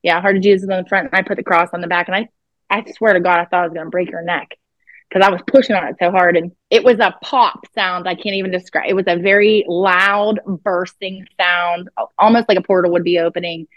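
Blunt, animated woman telling a wild story. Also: on the low side, a little fast, no room sound, muffled recording. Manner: blunt, profane, acts out quoted dialogue. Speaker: psychic guest. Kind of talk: animated storytelling in a podcast interview.

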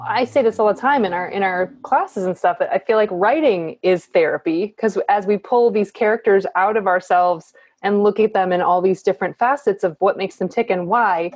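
A woman hosting a casual interview who also teaches writing classes, asking questions in a chatty, relaxed way. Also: medium pitch, moderate pace, hardly any pauses, husky, no room sound.

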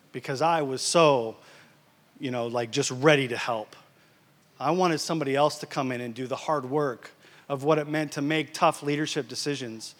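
A man giving a sermon as a guest preacher, telling a story in an animated way that swings between loud and hushed. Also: medium pitch. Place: church. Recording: church hall reverb.

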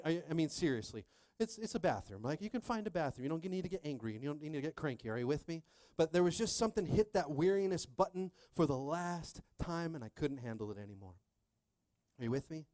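In a dry, studio-quality recording, a pastor with a fairly high, expressive voice preaches quickly while recounting a personal story. His delivery is animated, moving from hushed to loud, and he repeatedly checks in with the crowd.

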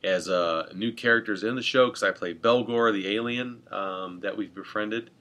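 A man's voice: fairly low pitch, moderate pace, a bit bright. A man co-hosting a podcast in casual chat, rambling and joking, correcting himself as he goes. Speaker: podcast co-host.

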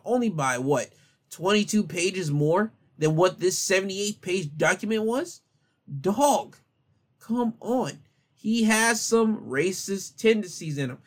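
A man with a slightly high voice reads through a news story, then breaks into casual commentary full of slang. His voice leaps up and down as he exclaims over the details. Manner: animated, exclaiming and laughing at the story; slangy, informal talk. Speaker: commentary host reading news.

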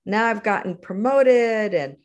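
A middle-aged woman, a guest in an interview, telling stories from her career in an animated conversational way. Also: unhurried. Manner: animated, acts out quotes with big pitch jumps. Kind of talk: conversational storytelling.

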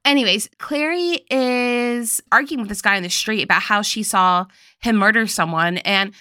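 A woman's voice: mid-range voice, moderate pace, sharp tone, clean tone, no echo, studio quality. A young woman co-hosting a podcast, retelling a movie in playful, jokey talk. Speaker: podcast co-host. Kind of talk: casual movie recap chat.

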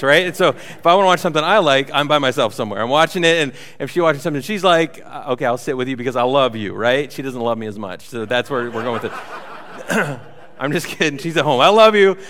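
Joking pastor in a reverberant hall. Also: male voice, mid-range voice, fast, a bit bright. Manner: conversational, joking, many fillers and restarts. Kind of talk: sermon. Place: church hall.

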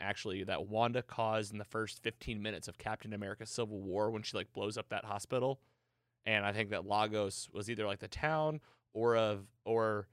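A man hosting a podcast, retelling a TV episode in casual, excited chat. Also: fairly low pitch, no room sound, studio quality. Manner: excited, animated storytelling. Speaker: podcast host recapping a TV episode.

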